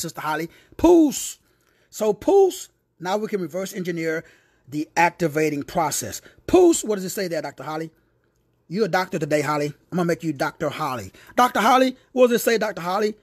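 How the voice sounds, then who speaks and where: A man leads a word study like a sermon, with a fairly high, husky voice. His pitch rises and falls widely as he repeats phrases and calls out listeners one by one. He breaks off into playful, teasing asides. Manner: animated, repetitive, calls listeners by name. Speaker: spiritual word-study teacher. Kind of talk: preacher-style lecture.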